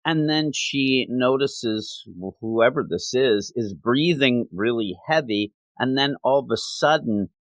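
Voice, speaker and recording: A man's voice: mid-range voice, measured pace, hardly any pauses, dry recording. A man hosting a comic book podcast, recapping a story in a conversational way and quoting characters' lines as he goes. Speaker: podcast host. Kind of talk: casual comic book review.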